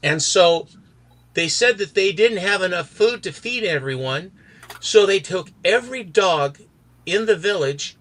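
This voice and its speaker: A man's voice: high-pitched, animated, measured pace, fairly bright tone. A man in a podcast chat retelling a comic book story, reading out its characters' lines. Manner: acts out characters with accents while retelling. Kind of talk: animated storytelling, reading out dialogue.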